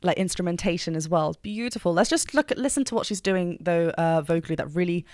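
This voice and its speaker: A woman's voice: on the low side, animated, fast talker, a little mellow, no room sound. Enthusiastic woman vocal coach, dry sound. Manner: enthusiastic, technical, sings short examples. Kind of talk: reaction and analysis commentary.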